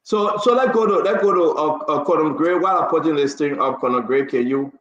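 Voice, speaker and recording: A man hosting a live radio talk show, reading an official order slowly and pleading with guests who interrupt him. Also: fairly high pitch, a bit bright, echoey room, highs cut off.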